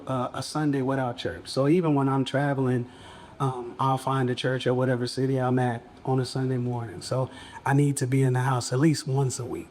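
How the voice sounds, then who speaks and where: A man's voice: medium pitch, a little mellow, a little hiss or hum. A man on a panel, chatting casually and easygoingly, laughing between remarks.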